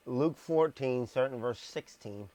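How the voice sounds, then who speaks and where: On a streaming mic with no room sound, a man reads scripture in a live-streamed Bible message. His mid-range voice is darkish and measured, and he leans on certain words while tossing off blunt, sarcastic remarks.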